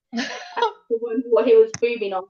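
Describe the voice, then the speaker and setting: A woman with a London-tinged southern English accent, chatting casually as a livestream guest and rambling quickly with restarts. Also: on the high side, steady tone, warm tone. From England, north of London. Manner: fast-talking, rambling with restarts. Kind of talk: casual chat. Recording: echoey, dull livestream audio.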